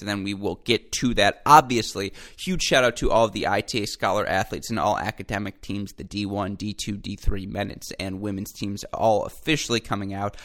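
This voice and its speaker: Low-pitched male podcast host, upbeat and chatty, talks straight to his listeners. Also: fairly bright tone. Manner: enthusiastic, chatty, addresses listeners as folks. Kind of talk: solo podcast commentary.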